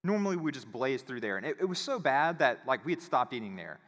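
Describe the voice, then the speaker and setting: A man giving a conference talk, telling a casual, animated story and acting out the voices of the people in it. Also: mid-range voice, quick pace. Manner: animated, acts out quoted voices. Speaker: conference speaker. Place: conference hall. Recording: reverberant hall.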